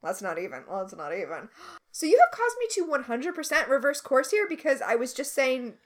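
Animated high-voiced woman, sarcastic. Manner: animated, sarcastic, quick asides. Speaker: podcast co-host. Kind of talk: casual recap chat.

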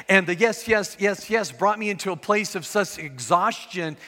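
A man's voice: high voice, normal speed, sharp tone. Preaching man in an echoey hall. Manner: earnest, conversational preaching with asides. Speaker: pastor. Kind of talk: sermon. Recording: echoey hall with long reverb.

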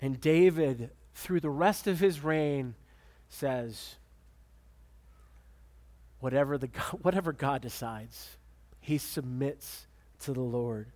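A pastor preaches a sermon, reading scripture aloud and driving his points home by emphatically repeating words, with sudden swings in pitch. He speaks slowly in a slightly mellow voice and pauses often.

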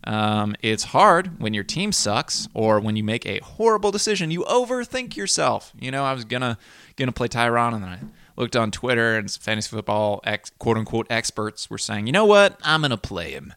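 Man, solo podcast host, rambling casual talk, bright tone, dry recording. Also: mid-range voice, expressive, moderate pace, clear, resonant tone, dry recording. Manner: chatty and rambling, with frequent ums and self-corrections. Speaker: fantasy football league podcast host.

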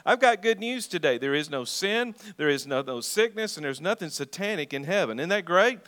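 A middle-aged pastor preaches a sermon, reading scripture and asking his congregation questions to draw responses. His voice is on the high side, fairly bright and expressive, and he speaks briskly.

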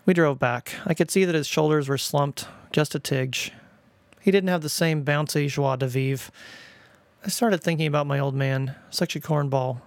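A man hosting a podcast, telling a story in a wry, deadpan way. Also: mid-range voice, moderate pace, vocal fry, no room sound. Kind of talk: storytelling narration.

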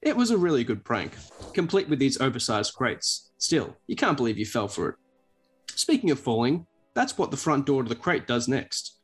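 A man reading a choose-your-own-adventure storybook aloud in a lively way. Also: mid-range voice, normal speed, husky, soft background music. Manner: lively read-aloud, breaks off to laugh.

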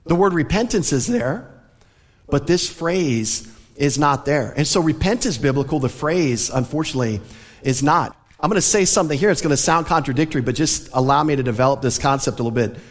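Earnest preacher in an echoing church. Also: male voice, on the high side, animated, brisk. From American South. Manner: earnest, conversational preaching with light laughs. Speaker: pastor. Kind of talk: sermon. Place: church sanctuary.

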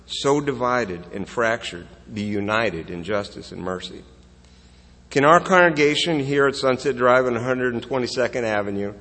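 A man's voice: medium pitch, a bit bright. A man pastor delivering a sermon in an earnest, conversational way, asking rhetorical questions and restarting phrases as he goes. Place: church sanctuary. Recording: long reverb of a church hall.

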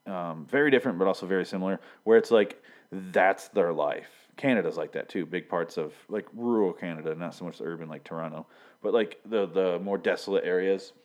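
A man's voice: deep voice, brisk. A young man from Michigan casually recapping a TV episode, rambling with lots of fillers and swearing as he quotes scenes. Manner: rambling, profane, many fillers, quoting scenes. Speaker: TV episode reviewer.

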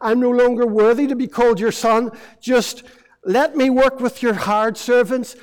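A man's voice: extremely high pitch, fairly even intonation, moderate pace, in a large hall, voice pushed up. A man voicing a humble, pleading young son.

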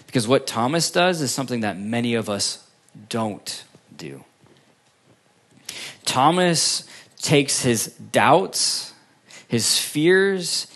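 A male pastor preaching a sermon, asking the congregation questions and answering them himself, with long pauses and line endings that drop almost to silence. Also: mid-range voice. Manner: preaching with strong rises and falls, long pauses, drops to near quiet at line ends.

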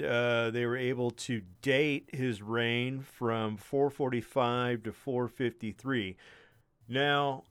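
A man's voice: mid-range voice, smooth. A man hosting a podcast, casually telling a long story with lots of swearing and fillers. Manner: rambling, profane, many fillers. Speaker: podcast host.

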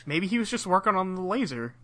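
This is a podcast co-host chatting casually and recapping a cartoon episode scene by scene. The pitch swings widely as they tell the story, and the tone is bright. They laugh often. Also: quick pace. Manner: animated storyteller, laughs often, retells scenes with quoted voices.

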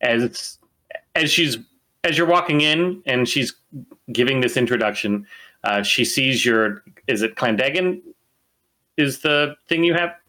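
Bright male game master who narrates casually and rambles with lots of fillers. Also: mid-range voice, expressive, measured pace.

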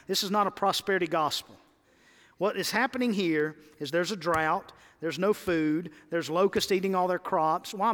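A man's voice: high voice, a bit bright, big-room sound. A man preaching a sermon as pastor, rising into emphatic calls to his congregation.

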